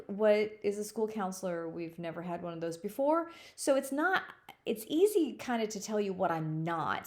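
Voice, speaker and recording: A middle-aged woman, a school counselor, giving a playful, jokey presentation to young students and slowing down to stretch words for emphasis. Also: on the high side. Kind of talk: friendly recorded presentation to fifth graders.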